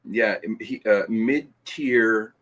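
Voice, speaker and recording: Taking things slowly, a man with a fairly low pitch and fairly bright tone hosts a relaxed podcast live stream. He reads out live chat comments, laughing and teasing frequently, with stumbling restarts along the way.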